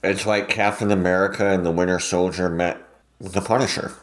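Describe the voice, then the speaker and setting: A man's voice: low voice, fairly even intonation, brisk. A man co-hosting a podcast, reacting to a story with playful enthusiasm in casual chat. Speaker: podcast co-host.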